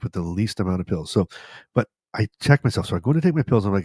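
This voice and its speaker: A man's voice: low-pitched, lively intonation, fast, a little mellow, husky, dry recording. A middle-aged man hosting a podcast, talking casually and giving advice in a rambling way, repeating phrases for emphasis. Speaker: podcast host.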